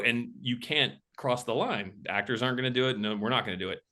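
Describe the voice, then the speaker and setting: A man in the guest seat of a casual interview, telling behind-the-scenes stories as a film director. He talks in an animated way, jumping into other people's voices when he quotes them. His pitch sits in an ordinary middle range for a man. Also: fast, few pauses.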